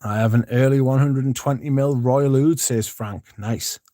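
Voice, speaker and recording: Streamer, low-key rambling host reading chat, warm darker voice, dead-dry mic. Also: male voice, fairly even intonation, moderate pace, no room sound. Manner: rambling, laid-back, swears freely. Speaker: livestream host. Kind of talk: casual livestream chat, reading comments.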